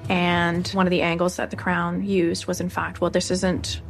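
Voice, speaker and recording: A woman with a low, very flat voice describes how a statement was used in court. A music bed plays clearly underneath. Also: normal speed. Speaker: commentator on the case. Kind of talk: interview.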